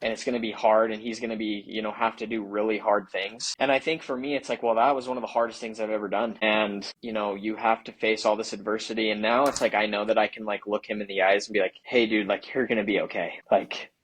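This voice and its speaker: A man's voice: lowish voice, flat delivery, fast talker, hardly any pauses, slightly rough, poor audio. A young man talking as a guest on an interview podcast, earnest and rambling, with lots of "like" between his thoughts. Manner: earnest, rambling, heavy use of "like". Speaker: sales leader guest.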